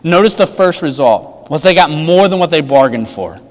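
A man preaching a sermon with emphatic rhetorical questions, his delivery swinging between loud and hushed. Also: a little high, animated, moderate pace, big-room sound. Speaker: pastor.

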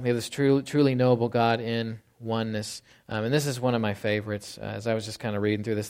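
A man preaches in an easygoing, conversational manner, with a voice sitting at an ordinary middle pitch. He keeps checking in with his listeners and slows down deliberately whenever he reads scripture. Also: darkish tone, clear, resonant tone. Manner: conversational, asks "right?" often, slows for scripture quotes. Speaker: pastor. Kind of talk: sermon.

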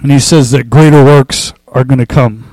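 A man preaching a casual sermon, talking loosely with fillers and restarts, and reading scripture slowly and with emphasis. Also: mid-range voice, dry recording, rough recording. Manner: relaxed, conversational, with fillers and restarts. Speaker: pastor.

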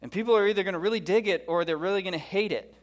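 A man voicing a weary ancient male prophet who answers in a calm, unbothered, casual way. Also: high-pitched, very fast, voice pushed up, close to an everyday voice. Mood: relaxed, defiant. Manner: laid-back, casual.

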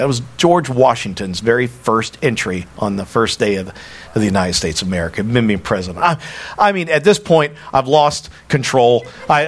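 A man with a Southern US accent preaching a sermon, telling stories with excitement and stammering restarts. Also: mid-range voice.

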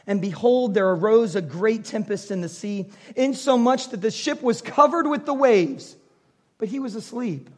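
Animated preacher telling a story. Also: male voice, high voice, moderate pace, hardly any pauses. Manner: animated storyteller, acts out dialogue, laughs often. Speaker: pastor. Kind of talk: sermon with storytelling.

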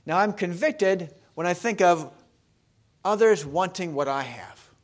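A man's voice: high voice, animated, measured pace. A male pastor giving a sermon in a conversational way, often putting questions to the congregation.

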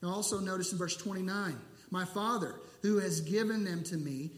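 Male pastor, high voice, earnest emphatic sermon, reverberant room. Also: moderate pace, hardly any pauses. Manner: earnest, emphatic preaching with repeated rhetorical questions.

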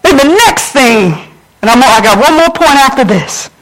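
A woman's voice: high-pitched, lively intonation, normal speed, a little hiss or hum, low-quality recording. A woman pastor preaching a sermon fervently, speaking straight to her congregation.

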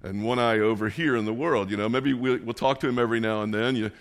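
A male preacher at an ordinary middle pitch delivers his sermon like a relaxed conversation. He tells a personal story in a self-mocking way. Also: quick pace. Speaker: pastor.

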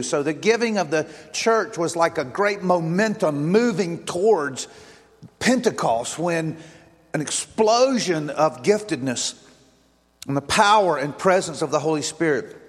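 A man's voice: a little high, long reverb tail. A man preaching a sermon as pastor, repeating phrases for emphasis and reading out long lists word by word. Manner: repetitive, emphatic preaching, lists words one by one. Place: church sanctuary.

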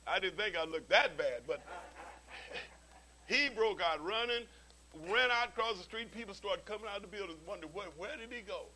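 A man's voice: high voice, normal speed, poor audio. A man preaching a sermon as pastor, telling stories with humorous asides and often repeating his words as he starts a sentence. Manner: animated storytelling with humorous asides.

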